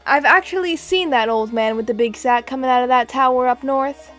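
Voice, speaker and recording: Jittery gossipy villager, high and fearful, voiced by a woman. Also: a little fast, a bit bright, faint music behind. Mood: spooked. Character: jittery villager spooked by rumors.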